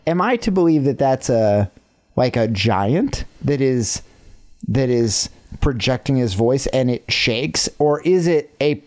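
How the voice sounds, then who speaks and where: Podcast co-host, casual chat, animated and salty, with a bouncy, wide-ranging voice. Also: mid-range voice, slow pace. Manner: animated, swears freely.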